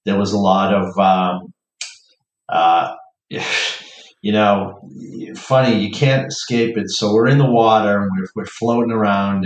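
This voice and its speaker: A man's voice: fairly low pitch, echoey room, low-quality recording. A man with a Boston accent, telling a wry story in casual chat and lifting his voice when quoting people. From Boston area.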